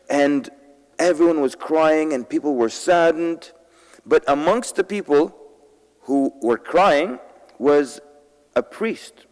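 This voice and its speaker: A man giving a talk at a convention, telling stories and asking the crowd questions. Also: medium pitch. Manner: lively storytelling, asks the crowd questions. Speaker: convention speaker. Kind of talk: lecture to a live audience. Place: large convention hall. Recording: long hall reverb.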